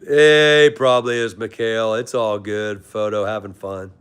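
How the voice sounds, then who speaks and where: A man's voice: fairly low pitch, fairly even intonation, measured pace, fairly bright tone, smooth. A young man hosting a live stream, casually greeting chatters by name and calling them brother. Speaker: livestream host reading chat.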